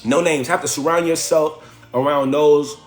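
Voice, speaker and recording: A man's voice: fairly high pitch, fairly even intonation, normal speed, roomy sound, faint music behind. A man hosting a livestream from home, giving a slangy, preachy motivational talk that repeats phrases for effect. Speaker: livestream host.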